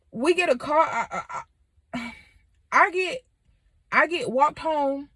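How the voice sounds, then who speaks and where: A woman in her twenties tells a personal story straight to the camera. She is candid and animated, with plenty of fillers. Her voice sits a little high, and the recording is dry and close. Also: slow, long pauses, no room sound. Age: 20s. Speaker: vlogger.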